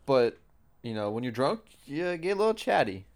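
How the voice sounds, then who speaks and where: A man's voice: medium pitch, very animated, moderate pace. Young man, casual podcast chat, laid-back, short dry comments. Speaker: podcast co-host.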